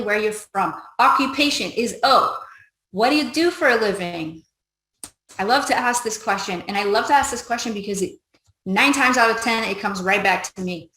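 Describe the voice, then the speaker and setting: An upbeat woman teaching a recruiting method, voicing both the customer and herself as she explains each step. Her mid-pitched voice rings in a roomy, echoey space. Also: pushed and bright. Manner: upbeat, coaching, acts out both sides of a chat. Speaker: business trainer. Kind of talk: training talk on recruiting conversations. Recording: echoey room.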